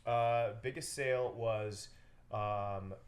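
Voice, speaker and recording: A young real estate agent tells stories in a relaxed interview, his voice fairly low and his pace slow. He's an animated storyteller who acts out the people he quotes.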